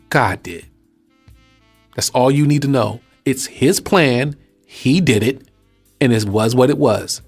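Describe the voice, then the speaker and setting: Male host, mid-range voice, casual preaching with a light music bed. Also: medium pitch. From Texas. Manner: animated, conversational preaching with rhetorical questions. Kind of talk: casual spoken teaching.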